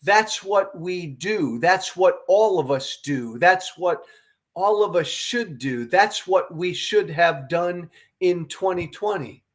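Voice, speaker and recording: A man's voice: high-pitched, slow pace. A middle-aged man from the United States giving earnest, emphatic commentary to camera as a show host, often repeating his key phrases.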